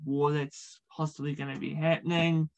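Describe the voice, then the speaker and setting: A man's voice: a little high, level tone, normal speed, poor audio. A man, chatting casually in an interview, with frequent ums and uhs. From New Zealand. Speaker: podcast host being interviewed.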